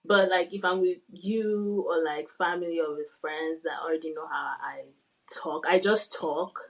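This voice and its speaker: A young woman co-hosts a podcast in casual, thoughtful conversation. Her voice sits a little low. She often trails off as she works through her ideas. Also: fairly even intonation, measured pace. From Nigeria. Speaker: podcast co-host. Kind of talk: casual chat.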